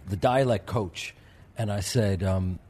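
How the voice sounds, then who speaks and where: A man's voice: on the low side, takes it slowly, a little mellow. A middle-aged man co-hosting a podcast, an actor who talks earnestly and eagerly about his craft. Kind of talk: casual podcast chat.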